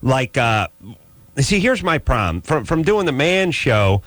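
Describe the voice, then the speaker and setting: A man's voice: mid-range voice, very animated, unhurried, fairly bright tone, dry recording. Sardonic man telling a rambling story. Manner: rambling, sardonic, many restarts. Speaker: radio show host. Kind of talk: casual radio talk, storytelling.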